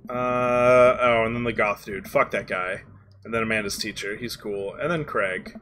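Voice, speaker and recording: A man's voice: on the low side, normal speed, fairly bright tone, faint music behind. A man streaming a video game, with offhand, wisecracking asides while he reads the dialogue aloud. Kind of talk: casual game commentary and reading dialogue aloud.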